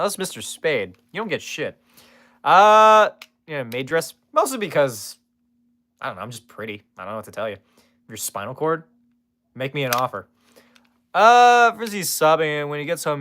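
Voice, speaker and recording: A man talks loosely to his live-stream chat, cracking jokes and swearing as he answers viewers. His voice is bright and forceful, and his pitch swings widely from line to line. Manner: rambling, swears freely, jokey asides to chat.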